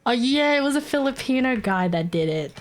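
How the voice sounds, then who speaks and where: A woman's voice: sits high, lively intonation, a little fast, soft background music. An Australian woman chatting casually on a live stream, giggling constantly and swearing freely. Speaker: livestreamer.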